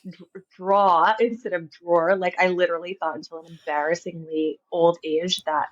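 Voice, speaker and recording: A woman's voice: fairly low pitch, steady tone, brisk, dull audio. A woman from Long Island with a faint New York accent, chatting as a podcast guest, laughing often and saying "like" a lot. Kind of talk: casual interview chat.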